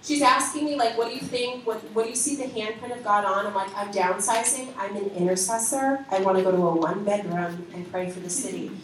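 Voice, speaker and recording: A woman leader giving a lively spoken testimony to a congregation, acting out the conversations she recounts. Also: medium pitch, fairly quick, few pauses, slight background noise. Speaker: ministry leader. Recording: echoey hall from far off.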